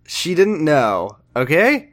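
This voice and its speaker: A podcast co-host recapping a TV episode in casual chat, making wisecracks and jumping between pitches for jokes. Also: sing-song, slow.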